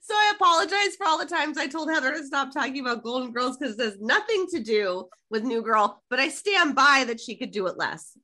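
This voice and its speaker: Bright, animated woman recapping an episode. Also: sits high, a little fast, hardly any pauses. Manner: animated storytelling, quotes lines from the show. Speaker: podcast co-host. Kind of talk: casual episode recap chat.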